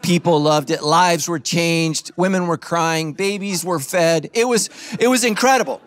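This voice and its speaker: A middle-aged male pastor preaching a sermon with animated, humorous storytelling. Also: fairly high pitch, unhurried.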